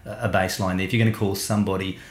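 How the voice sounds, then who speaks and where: A man's voice: low-pitched, little pitch movement, very fast. A man co-hosting a podcast, chatting casually about sport in a wry, amused way that thinks aloud. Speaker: podcast co-host. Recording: echoey room.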